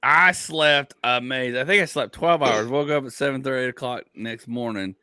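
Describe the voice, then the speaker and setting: A man in an everyday middle register spins a loose, rambling story as a comedian hosting a podcast chat. His pitch bounds around, leaping up when he laughs at his own tale. The sound is close and dry, with no room around it. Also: fairly quick, a bit bright, no echo.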